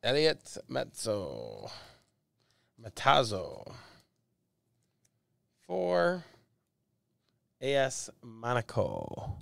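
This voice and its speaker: A man's voice: mid-range voice, wildly swooping pitch, extremely slow, vocal fry, pauses often, fairly bright tone, dry recording, studio quality. A man hosting a live card break, reading out players and teams in casual chat and joking about how names are pronounced. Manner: chatty, joking about name pronunciations.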